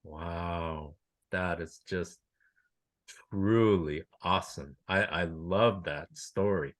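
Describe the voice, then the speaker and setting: A man's voice: low voice, takes it slowly, a bit bright, no echo. A man hosting an interview, effusive in his praise and repeating words as he starts his sentences. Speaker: host. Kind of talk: casual interview talk.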